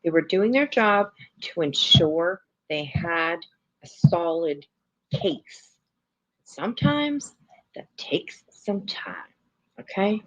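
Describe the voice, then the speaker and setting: Her voice sits on the low side, slow and expressive with a fairly bright tone. Hosting a casual livestream, she rambles through many fillers and the occasional curse while commenting and reacting, all on lo-fi stream audio.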